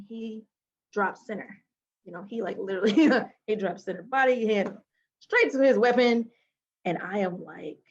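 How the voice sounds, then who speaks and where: A woman telling a personal story as an interview guest, her voice mid-pitched. She drops to hushed asides and bursts into loud exclamations. The audio is slightly dull and lo-fi.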